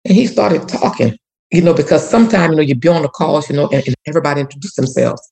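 A low-voiced woman talks fast with vocal fry and a mellow tone, and the recording quality is low. She's a community activist and former teacher from Louisiana, telling a personal story in an earnest, prayerful way with many repetitive restarts.

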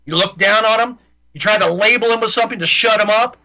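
A man's voice: sits high, quick pace, bright, forceful tone, muffled recording. Ranting talk radio host, man. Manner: ranting, repeats himself for emphasis. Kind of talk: opinionated radio monologue.

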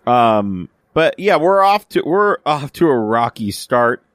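A man talks through a TV episode in casual podcast chat. He rambles, fills gaps with "um" and "uh", and restarts his sentences. The sound is dry and close, and his voice sits at a middle pitch. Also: very animated, takes it slowly, a bit bright, dry recording. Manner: rambling, many fillers and restarts, acts out quoted lines. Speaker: podcast co-host.

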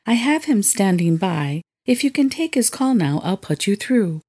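Woman reading as a crisp businesslike secretary. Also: medium pitch, sing-song, normal speed, dark tone. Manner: crisp, formal.

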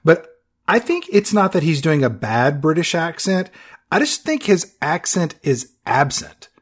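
A man with a mid-range voice recaps a film plot in relaxed podcast talk. He is chatty and throws in joking asides as he goes. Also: fairly high pitch, a little slow, breathy edge. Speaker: podcast co-host. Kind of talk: casual movie recap chat.

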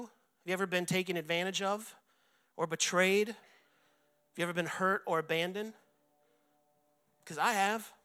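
Bright-voiced pastor giving an earnest sermon. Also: male voice, high voice, smooth. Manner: earnest personal testimony, reenacts his own anguished shouting prayers. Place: church sanctuary.

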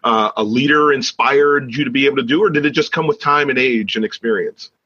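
A man hosting a casual panel chat, speaking haltingly and checking in with "right?" as he asks questions. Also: mid-range voice, sharp tone, husky, dry recording, dull audio.

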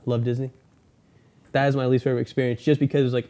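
A man's voice: mid-range voice, level tone, quick pace, dark tone. A young man hosting a podcast, telling a rambling story in casual chat and acting out the quotes. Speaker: podcast host.

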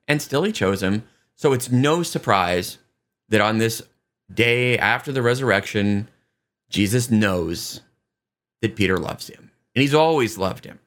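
A man, a priest, preaching a casual, animated homily and acting out the lines of the people in the story. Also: medium pitch. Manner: casual, animated retelling with quick voiced asides.

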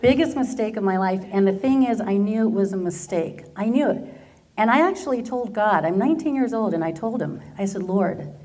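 An American woman in her fifties tells her faith story with plenty of humor, her voice breaking into laughter as she goes. She has a middle-pitched voice and the easy warmth of a personal testimony. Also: animated, brisk, some chatter behind. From Southern California, USA. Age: 50s. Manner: humorous storyteller who laughs often through her stories. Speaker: speaker giving her testimony.

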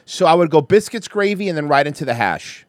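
A man's voice: a little high, animated, a little fast, a little hiss or hum. A man hosting a stream, chatting casually and making crude, joking remarks. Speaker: stream host. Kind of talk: casual chat.

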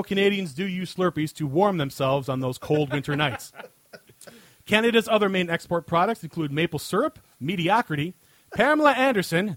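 A man's voice: fairly high pitch, fairly bright tone, no room sound. Man reading a mocking comic rant. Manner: mocking, over-the-top delivery, chuckling at his own jokes. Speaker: podcast host. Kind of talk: reading comic answers to listener questions. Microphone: own desk microphone.

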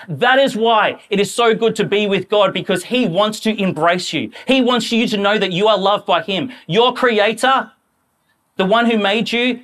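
Animated conversational male preacher. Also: high-pitched. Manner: animated, conversational, acts out quoted voices. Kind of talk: sermon.

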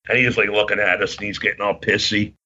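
A man's voice: fairly low pitch, little pitch movement, fast, bright, forceful tone. A middle-aged man co-hosting a podcast, telling stories in a rambling, casual way. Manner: rambling storyteller, many restarts and fillers. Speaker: podcast co-host. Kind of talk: casual chat. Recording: dull lo-fi audio.

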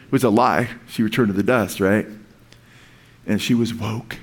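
A man's voice: fairly low pitch, steady tone, normal speed, long pauses, husky. A man preaching a sermon in an earnest, rambling way, with frequent restarts and asides to his listeners. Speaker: pastor.

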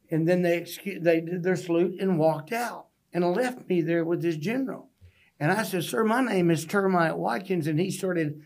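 This podcast guest from Texas has a somewhat high, slightly mellow male voice. Sitting in the studio for a storytelling interview, he spins his tales earnestly and folksily, backing up to restart now and then.

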